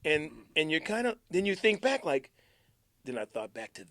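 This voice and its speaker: A man's voice: a little high, moderate pace, dry recording. A middle-aged man, a radio DJ, casually telling old station stories, acting out the quotes and sinking to a near-whisper at times. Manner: animated storyteller, acts out quotes, drops to near-whisper. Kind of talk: casual storytelling chat.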